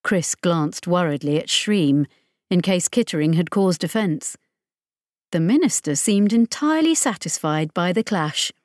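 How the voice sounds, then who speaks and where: Audiobook narrator, woman, lower-pitched, measured, dry studio sound. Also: no room sound. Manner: measured, even storytelling.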